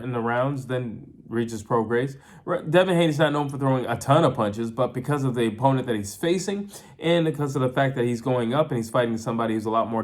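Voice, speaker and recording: A man talking through an upcoming boxing match in a loose, unscripted way. He circles back, restarts phrases and leans on fillers. His voice sits at an ordinary middle pitch. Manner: chatty, repeats and restarts often, uses filler like "you know". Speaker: boxing commentator. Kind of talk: casual fight breakdown.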